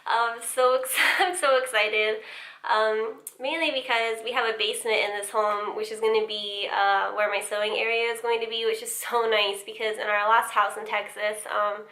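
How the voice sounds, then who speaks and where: A woman's voice: fairly high pitch, flat delivery, normal speed, sharp tone. A young woman vlogging casually about her sewing space, chatty and full of fillers like um and like. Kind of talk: casual vlog chat. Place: home and empty basement, indoors. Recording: echoey room.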